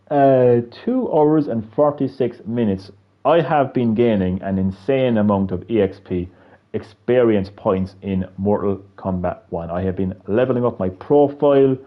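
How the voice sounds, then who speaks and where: A man's voice: on the low side, dull audio. A man with a heavy Irish accent chatting on a gaming livestream, rambling with restarts and casual swearing.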